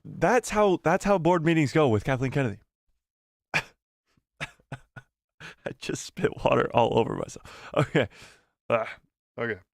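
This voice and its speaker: A man hosting a live stream, talking in an animated way and repeating phrases as he builds theories. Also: medium pitch, a little slow, creaky, long pauses, no echo, clean studio sound. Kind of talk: casual live-stream commentary.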